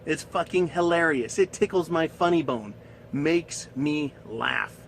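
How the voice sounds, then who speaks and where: A man's voice: fairly high pitch, measured pace, creaky, slight background noise, rough recording. A man ranting in a coarse, scornful monologue, swearing and laughing at his own points. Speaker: commentator.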